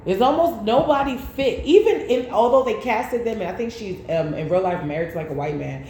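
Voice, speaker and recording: A woman tarot reader in casual chat, telling stories in an animated way with slang. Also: mid-range voice, a little fast. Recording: echoey room with faint noise.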